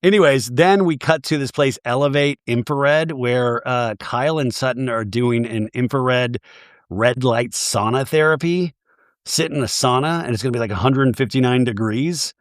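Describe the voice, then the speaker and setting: A man hosting a podcast, recapping reality TV in an animated, sarcastic way, swearing and acting out the cast's lines. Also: mid-range voice, normal speed, no room sound, clean studio sound. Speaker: podcast host.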